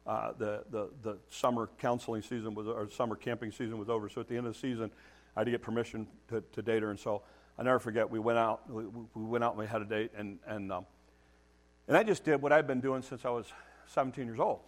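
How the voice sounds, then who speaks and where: A man's voice: fairly low pitch, fairly even intonation, quick pace. A middle-aged man preaching a sermon, emphatic and direct, challenging his listeners and repeating words as he builds each point. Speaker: pastor.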